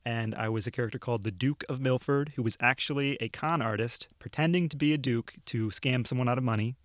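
A man's voice: mid-range voice, a little fast, dry recording, studio quality. A young man, a video producer, casually recounting stories in a podcast chat, with lots of fillers and easy laughs. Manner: laid-back storytelling with frequent fillers and laughs. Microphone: studio microphone.

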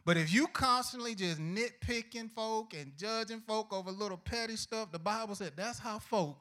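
A man's voice: high-pitched, normal speed, bright, forceful tone. A man preaching a sermon to young people as pastor, with a folksy, humorous manner and frequent questions thrown to the congregation. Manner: folksy, humorous delivery with acted-out prayers.

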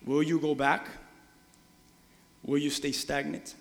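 Man preaching in a big echoey church hall, high voice, kinda gravelly, gets loud acting stuff out. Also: slow pace. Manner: animated preaching, acts out voices, shouts quoted lines. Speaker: pastor. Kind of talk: sermon. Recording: long reverb of a large hall.

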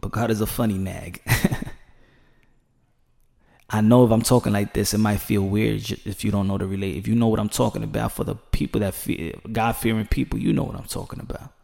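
A man giving passionate, preachy commentary in a vlog, swinging from hushed to loud and emphatic. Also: lowish voice, little pitch movement, fairly quick, vocal fry. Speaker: commentary vlogger.

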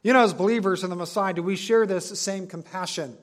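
A man preaching a sermon to his assembly, earnest and emphatic, repeating key phrases and slowing down on stressed words. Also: high-pitched. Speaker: pastor.

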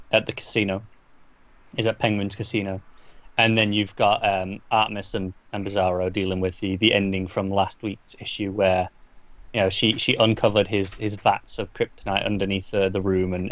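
A man's voice: on the low side, a bit bright, dry recording. Rambling man recapping, dull dry sound. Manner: rambling, with many restarts and repeated words. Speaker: comic book podcast co-host. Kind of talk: casual recap chat.

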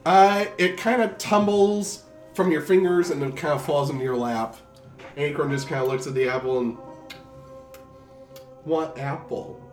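A man narrating as game master in a relaxed, halting way with fillers. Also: a little high, echoey room, far from the mic, faint music behind.

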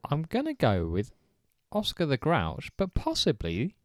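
Animated man in casual banter. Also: on the high side, a little slow, no echo, studio quality. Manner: laughs easily, guesses playfully. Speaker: podcast co-host. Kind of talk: casual comedic chat.

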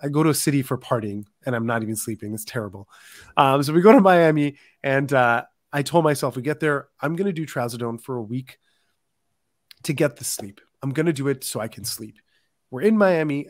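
A man speaks at a middle pitch into a close, dry microphone. He is a podcast guest telling his own story candidly. He acts out the people he quotes and keeps turning to the host by name. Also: fairly quick, no room sound.

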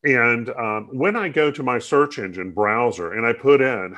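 A man co-hosting a casual talk show, speaking in halting bursts with frequent restarts and fillers. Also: mid-range voice, expressive, pushed and bright. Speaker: co-host. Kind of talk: casual chat.

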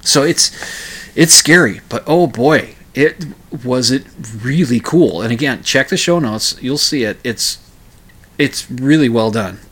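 Male solo talk-radio host, casual and rambling, mid-pitched voice. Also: measured pace, fairly bright tone. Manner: rambling with frequent restarts. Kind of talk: casual solo podcast monologue.

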